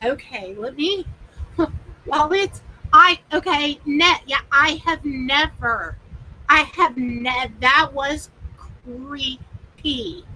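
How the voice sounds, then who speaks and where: A woman hosting a live paranormal session who talks excitedly, laughs often and repeats herself. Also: high-pitched, slow pace, rough recording. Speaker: paranormal livestream host.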